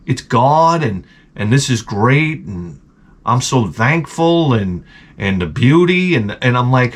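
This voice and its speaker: A man telling a rambling, profane comic story with deadpan asides, as a vlogger. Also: medium pitch, slow pace, husky.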